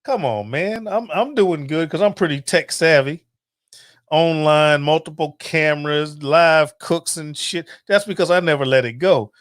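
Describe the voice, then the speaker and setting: A man's voice: on the high side, a little slow, dry recording, clean studio sound. A middle-aged man, host of a cooking channel, ranting casually and profanely to camera. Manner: profane, animated, preachy.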